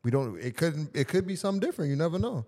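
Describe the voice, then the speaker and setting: A man co-hosting a podcast, joking and bantering in a lively, animated way. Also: fairly high pitch, racing. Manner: animated, jokey. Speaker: podcast co-host. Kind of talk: casual banter.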